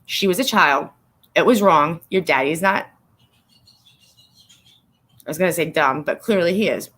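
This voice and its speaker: A woman's voice: lowish voice, moderate pace, a bit bright. A woman on a casual live stream, rambling and swearing with sarcasm, sometimes choked up as she reads viewers' comments. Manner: emotional, tearing up while reading viewers' comments. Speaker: vlogger.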